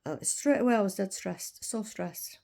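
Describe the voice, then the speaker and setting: A woman's voice: medium pitch, normal speed, vocal fry, a little mellow. A woman in her sixties telling a story as a casual rant, indignant and swearing freely. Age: 60s. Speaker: weight-loss vlogger.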